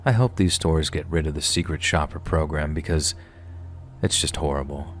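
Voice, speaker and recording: Very deep-voiced male horror narrator. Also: moderate pace, faint music behind. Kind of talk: scripted first-person horror narration.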